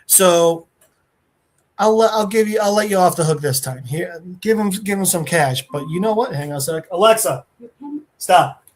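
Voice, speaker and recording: A man's voice: sits high, moderate pace. Man doing a smug sneering crime boss. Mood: taunting. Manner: taunting, sneering. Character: smug male crime boss, cold and mocking.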